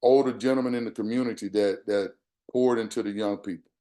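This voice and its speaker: A man's voice: fairly low pitch, fairly even intonation, fairly quick, dark tone. An older man from Texas, a guest speaker telling a personal story in an earnest, conversational way, quoting the people in it. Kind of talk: storytelling talk.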